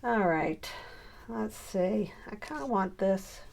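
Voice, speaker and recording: Slow-talking woman muttering over her craft. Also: mid-range voice, animated, creaky, a little mellow. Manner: self-talking, muttering while working. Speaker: scrapbooking vlogger. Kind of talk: casual crafting chat.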